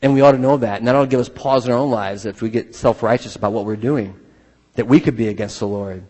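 A man preaching a sermon as pastor, in a conversational style with restarts, moving between loud emphasis and quiet asides. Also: mid-range voice, fast. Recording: long hall reverb.

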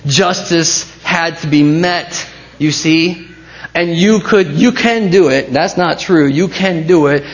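A man preaching a sermon as pastor, swinging between hushed intensity and rising passion. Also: fairly high pitch, vocal fry, dull audio.

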